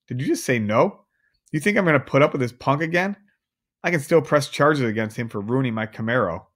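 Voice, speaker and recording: A man's voice: medium pitch, lively intonation, fairly quick, fairly bright tone, voice pushed up. A man doing a boorish middle-aged stepfather, growling, sneering, pushy storybook voice.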